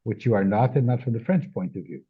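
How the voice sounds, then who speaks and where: Halting male host on a tinny line. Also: lowish voice, animated, slightly rough. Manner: halting, restarts and repeats words. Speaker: interviewer host. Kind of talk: casual interview conversation.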